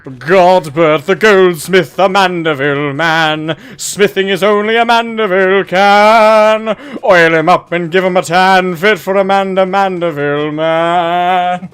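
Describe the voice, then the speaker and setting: Man doing a proud old goldsmith dad, booming, declamatory, mock-serious. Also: steady tone, a little slow, fairly bright tone, clean tone, soft background music. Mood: boastful. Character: proud older male goldsmith father, pompous.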